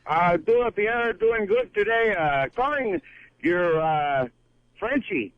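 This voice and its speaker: Caller with clumsy fake French accent. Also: male voice, sits high, animated, takes it slowly, no echo. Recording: dull phone line.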